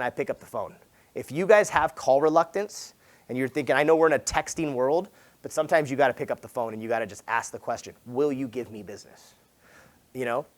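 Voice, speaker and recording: A man, a real estate agent, giving a motivational talk at a sales summit. He tells stories casually, acts out conversations and swears along the way. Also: mid-range voice. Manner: animated, acts out conversations in quoted voices; casual and slangy, swears, says dude. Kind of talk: motivational conference talk, storytelling.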